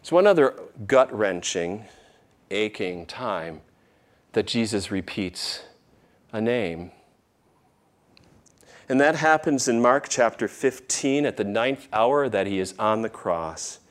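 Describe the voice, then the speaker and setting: A man pastor preaching a sermon, shifting between raised emphasis and tender, hushed near-whispers in a church. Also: fairly low pitch, expressive, takes it slowly, long pauses.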